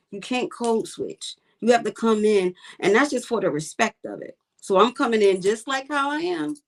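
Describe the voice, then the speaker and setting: Blunt, emphatic woman fisherwoman guest. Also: mid-range voice. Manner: blunt, emphatic, repeats her points. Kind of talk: casual interview talk.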